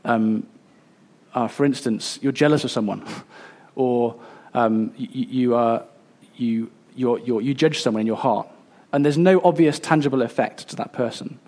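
A man in his thirties preaching a sermon, earnest and a little halting, with fillers and restarts. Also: medium pitch, darkish tone. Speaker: pastor.

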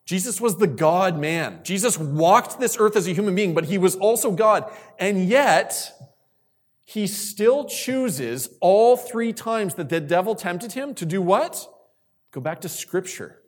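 A man preaches to a group of young people, his voice sitting a little high. He repeats key lines for weight and calls on listeners with questions. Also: animated, a little slow. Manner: repeats key phrases for emphasis. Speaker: youth speaker. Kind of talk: sermon.

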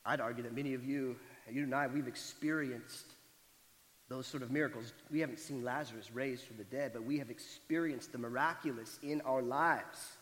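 A male pastor preaching a sermon, retelling a story dramatically and moving between loud emphatic lines and hushed, quiet ones. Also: medium pitch, fairly even intonation, normal speed, long reverb tail, low-quality recording.

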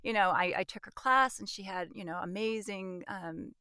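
A middle-aged American woman, a voice actress, tells her story in an interview, animated and laughing often between restarts. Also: mid-range voice, moderate pace, no room sound. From United States. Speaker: voice actress guest.

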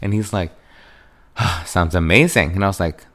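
Young man, podcast host, casual rambling chat, lowish voice, bursts into high excited quotes. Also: moderate pace. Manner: chatty, animated, leaps into a high excited voice when quoting himself.

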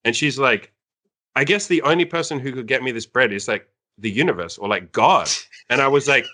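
A young man, a coach, telling a story in casual chat, animated and laughing, with many fillers. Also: medium pitch, a little fast.

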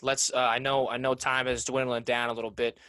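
A man's voice: medium pitch, flat delivery, brisk, sharp tone, clean tone, no echo. A man hosting a podcast interview, speaking casually and supportively and often repeating words. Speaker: podcast host.

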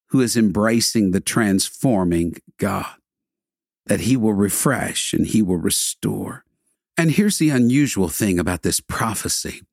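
Earnest low-voiced man preaching. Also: no echo, clean studio sound. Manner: slow, earnest, dramatic pauses with soft hushed drops. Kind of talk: sermon.

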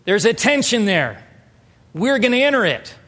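A pastor in his thirties preaching an earnest, emphatic sermon, moving between soft storytelling and raised exhortation. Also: high voice, very animated, moderate pace. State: emotional, near tears. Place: church hall. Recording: reverberant hall.

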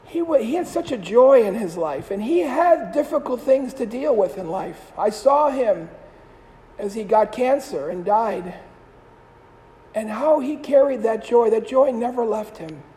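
Priest telling stories in a sermon, high voice, big echoey church, long reverb. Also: male voice, lively intonation, measured pace. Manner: warm storytelling, trailing off softly at the ends of phrases. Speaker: Catholic priest. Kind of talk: sermon, storytelling homily.

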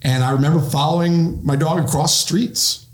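A middle-aged man spins stories for a podcast, acting out the voices of the people in them. His voice sits a little high for a man. The room around him rings. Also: moderate pace, roomy sound. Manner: animated storyteller acting out quotes. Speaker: retired police officer, guest. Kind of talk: podcast interview storytelling.

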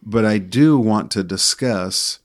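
A middle-aged man co-hosting a podcast, telling a story from his work as a sports official in a calm, measured way. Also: fairly low pitch.

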